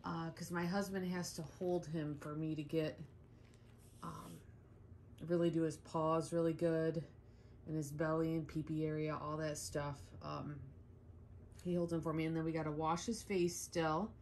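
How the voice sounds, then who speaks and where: In a sunny room by the windows, a home vlog host grooms her dog, talking casually and rambling while cooing at it. Her low-pitched, darkish voice stays level and unhurried. The nearby camera carries a little hiss or hum.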